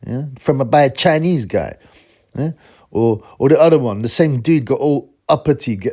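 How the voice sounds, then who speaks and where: A man's voice: medium pitch, warm tone. Rambling man hosting a boxing channel. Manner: rambling, exasperated, mocks critics in put-on voices. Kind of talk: casual solo commentary.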